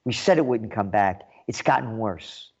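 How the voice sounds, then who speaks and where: A man's voice: lowish voice, expressive, moderate pace, husky, highs cut off. Sarcastic New man ranting. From New York. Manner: sarcastic, mocking, swings between loud jabs and muttered asides. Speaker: commentary show host. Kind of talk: ranting commentary monologue.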